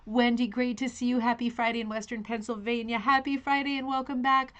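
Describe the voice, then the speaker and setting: A woman's voice: a little high, flat delivery, a little fast, a bit bright, dull audio. A woman hosting a craft live stream, chatting casually and greeting viewers by name with scattered, self-interrupting talk. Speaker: host of a rug hooking live stream.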